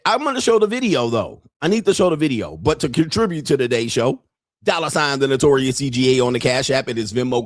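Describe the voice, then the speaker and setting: A man's voice: mid-range voice, no echo. Middle-aged guy on a livestream, crude and joking, dead dry sound. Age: 50s. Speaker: livestream host. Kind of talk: casual livestream commentary.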